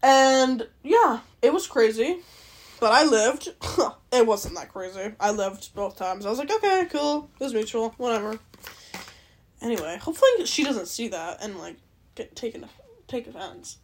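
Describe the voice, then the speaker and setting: A woman's voice: fairly high pitch, expressive, normal speed. A young Canadian woman hosting a podcast, rambling casually, swearing a lot and laughing often. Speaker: podcast host. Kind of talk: casual solo chat.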